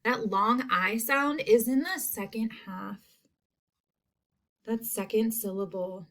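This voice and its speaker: Woman teacher reading spelling words real slow and clear, kinda high voice. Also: fairly bright tone. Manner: slow, clear word-by-word enunciation. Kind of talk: recorded spelling lesson for young students.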